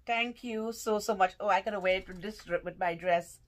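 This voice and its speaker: A woman's voice: mid-range voice, steady tone, fairly quick. A woman vlogger opening fan mail and gifts, gushing and exclaiming with lots of laughter as she wrestles with the packaging. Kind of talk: casual unboxing vlog.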